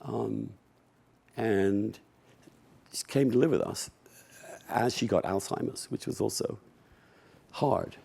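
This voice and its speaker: A middle-aged man tells personal stories at a public talk. His voice is gravelly and mellow. He speaks in a wry, unhurried way, laughing softly and often restarting his sentences. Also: lowish voice. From England. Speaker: guest speaker at a public conversation. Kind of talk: reflective personal storytelling.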